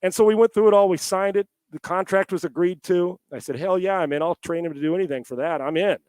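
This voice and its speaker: A middle-aged man telling a story as a podcast guest. His voice sits a bit high for a man and sounds dry and close, as if picked up by a headset. He rambles in a lively way, restarting his sentences and swearing now and then. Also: fast, no echo. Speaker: podcast guest, former quarterback. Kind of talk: storytelling in a casual interview. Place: at home.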